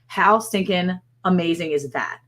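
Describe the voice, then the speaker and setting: A middle-aged woman hosting a casual livestream chat, gushing and telling stories in a chatty, animated way. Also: lowish voice, a little slow. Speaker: livestream host.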